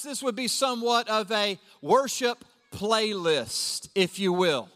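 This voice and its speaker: Middle-aged male pastor, high voice, lively conversational sermon, big hall reverb. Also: a little slow, few pauses. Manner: lively and conversational, acting out quotes in a raised voice. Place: church auditorium. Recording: long reverb of a large hall.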